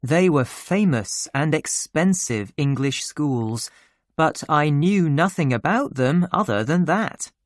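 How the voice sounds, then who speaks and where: A narrator reading a children's memoir story slowly and clearly for English learners. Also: medium pitch, expressive, no room sound, studio quality. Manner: slow, clear and deliberate. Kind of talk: slow graded-reader storytelling for English learners.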